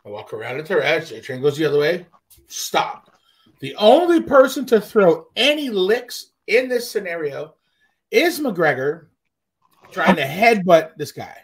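A man's voice: high-pitched, a little slow. A man from Canada, hosting a podcast, telling a profane story casually and acting out the scenes. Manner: profane, animated, acts out scenes. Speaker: podcast host.

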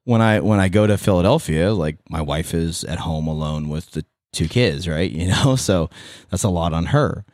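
Deep-voiced and speaking at a moderate pace, a Californian man in his thirties appears as a podcast guest; he used to be a radio host and event MC. The casual interview chat rambles with fillers, restarts and animated asides, recorded in studio quality with no echo.

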